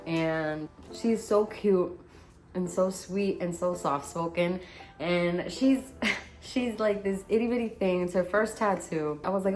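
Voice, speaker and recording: A woman's voice: on the low side, measured pace. A young woman, a tattoo artist, telling stories in a casual vlog and acting out the voices of the people in them. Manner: animated storyteller, reenacts voices.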